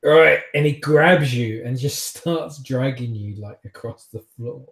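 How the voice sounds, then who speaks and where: A man's voice: mid-range voice, roomy sound. A rambling man narrating as game master. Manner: rambling, halting, full of restarts.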